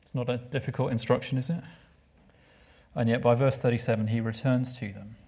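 Male preacher, mid-pitched, expressive delivery that drops to a hush for emphasis, asks the congregation questions. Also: fairly quick, gravelly. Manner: asks the listeners rhetorical questions. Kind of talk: sermon.

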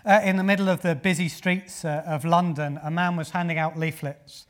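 Male preacher, slightly high voice, earnest and emphatic, asks the congregation rhetorical questions. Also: fairly even intonation, normal speed. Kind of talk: sermon.

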